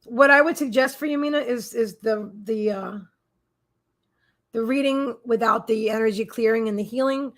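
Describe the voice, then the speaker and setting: A woman hosting a live psychic reading stream, chatting casually and effusively, repeating her thanks and greetings, with frequent restarts and fillers. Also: a little high. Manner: halting restarts and many fillers.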